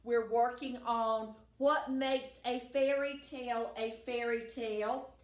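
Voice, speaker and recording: High-voiced cheerful teacher, slow sing-song. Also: female voice, fairly even intonation. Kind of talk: recorded class lesson with songs. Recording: echoey room.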